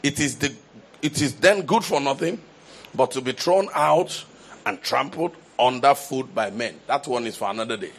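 A pastor preaches a sermon, building toward emphatic, repeated declarations and often restarting his phrases. He has a medium-pitched voice and speaks at a moderate pace.

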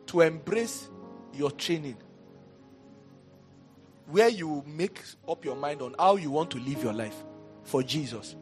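A man with a Nigerian accent preaching a lively sermon in a church, with asides to the congregation that rise to shouts. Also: fairly high pitch. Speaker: pastor. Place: church hall.

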